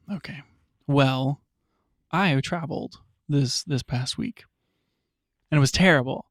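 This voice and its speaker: A man's voice: mid-range voice, slow, pauses often, dry recording, clean studio sound. A man hosting a podcast, chatting in a rambling, self-mocking way with frequent laughs. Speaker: podcast host. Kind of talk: casual chat.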